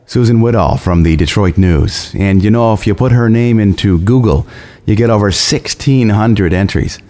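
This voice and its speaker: A man presenting a radio show in a measured announcer delivery. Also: fairly low pitch, warm tone. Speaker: radio host.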